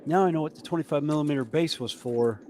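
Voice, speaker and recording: Southern US man, host of a hobby chat, fairly high voice, rambling storyteller. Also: fast, a little mellow, slight background noise. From southern United States. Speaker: stream host. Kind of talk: casual chat while building model kits.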